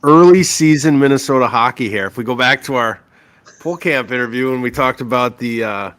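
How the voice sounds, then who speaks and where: A man's voice: mid-range voice, brisk, a bit bright, clean tone. A man co-hosting a casual sports talk stream, a teasing, jokey storyteller. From Upper Midwest US. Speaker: podcast co-host.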